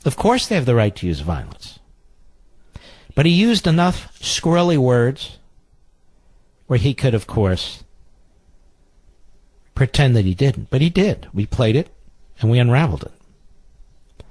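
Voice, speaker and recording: A man's voice: medium pitch, sing-song, measured pace, long pauses, a little mellow, dry recording. A middle-aged man hosting political talk radio, indignant and repeating phrases for emphasis. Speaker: radio talk show host.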